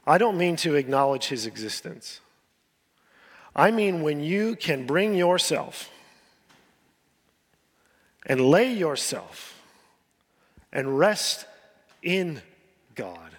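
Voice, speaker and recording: A man preaching in a church sanctuary, his voice a little high and husky. He talks in earnest, pleading runs, stumbling on repeated words and sinking to a hush. A long hall reverb trails each phrase. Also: very animated, slow pace, pauses often. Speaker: pastor. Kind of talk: sermon.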